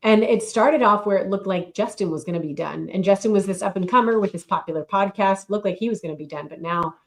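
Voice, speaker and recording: A woman co-hosting a casual chat podcast, easygoing and talkative. Her voice sits at a middle pitch, and she takes her time. She sounds like she is settled in among friends. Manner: chatty, unhurried, reads aloud from her own book. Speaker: podcast co-host.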